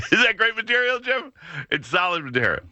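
A man's voice: medium pitch, sing-song, slow pace, pushed and bright, no room sound, muffled recording, voice pushed up, exaggerated voice. A man putting on a cheesy alien voice. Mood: mock solemn. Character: rudimentary male alien, solemn and odd.

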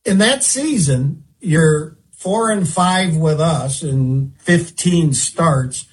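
Slow-talking male interviewer. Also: on the high side, expressive.

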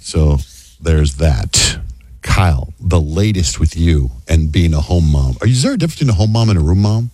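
A man's voice: a bass voice, animated, normal speed, darkish tone, no echo, clean studio sound. A man hosting a radio show, asking his co-host questions in casual chat.

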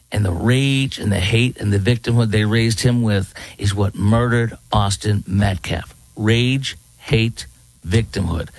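A man's voice: lowish voice, no echo, poor audio. A man hosting a morning talk radio show, giving emphatic, indignant commentary. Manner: emphatic, indignant, repeats for effect.

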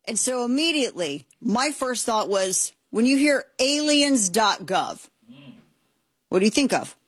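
Sarcastic, excitable woman talk host. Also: a little high, unhurried, slightly rough, dry recording. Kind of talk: comedic political commentary.

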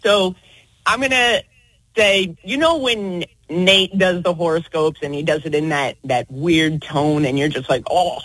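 A woman's voice: fairly low pitch, measured pace, a bit bright, no echo, rough recording. A woman co-hosting a radio show, playful and polite in casual banter, laughing as she talks.

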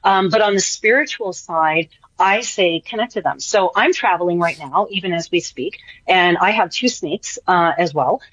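An energetic woman guest explaining her ideas on a radio show, often repeating herself and checking in with "right?". Her voice comes over a slightly dull, muffled line, and it sounds dry and close. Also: on the low side, normal speed, hardly any pauses, dry recording. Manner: enthusiastic, repeats phrases, tag questions like "right?". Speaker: spiritual energy worker guest. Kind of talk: casual radio interview.

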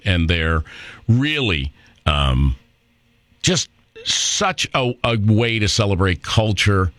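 A man's voice: fairly low pitch, expressive, slow, long pauses, fairly bright tone, no echo. A middle-aged man hosting a political talk radio show, opinionated and rambling, with fillers and restarts.

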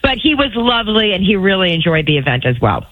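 A woman's voice: mid-range voice, big pitch swings, quick pace, fairly bright tone, no room sound, low-quality recording. A woman producer and co-host telling playful stories in casual chat, laughing often.

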